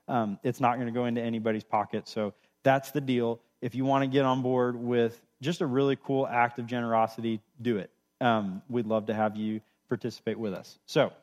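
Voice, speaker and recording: A man's voice: medium pitch, darkish tone. Casual, upbeat man preaching. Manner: casual and conversational, with fillers and repeated emphasis. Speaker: pastor. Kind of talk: sermon.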